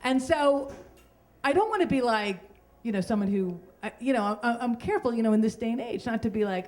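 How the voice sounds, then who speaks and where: A woman's voice: on the high side, animated, fairly quick, a little mellow. A middle-aged woman telling a personal story on stage at a live story slam, chatty and self-deprecating, laughing through her lines.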